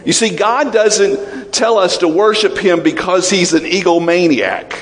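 A man preaching a sermon as pastor, emotional and animated, swinging between raised fervor and low, quiet intensity. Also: a little slow, in a large hall.

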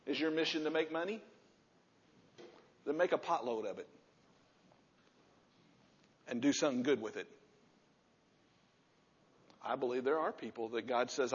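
A man in his sixties preaching a sermon, repeating key words with emphasis and dropping to a soft, low voice to stress a point. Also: slightly rough. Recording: muffled sound with long hall reverb.

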